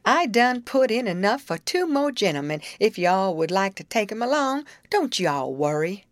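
A woman's voice: medium pitch, sing-song, moderate pace, no room sound, clean studio sound, voice pushed up, close to an everyday voice. A woman voicing a buxom older female cook who speaks in a thick, drawling dialect. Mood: doting.

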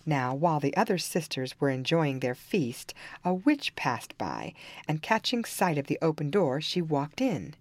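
A woman reads a fairy tale aloud in a low voice that rises and falls with lively pitch. Her storybook narration keeps a calm, even pace. The recording is dry and close. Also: a little slow, no echo.

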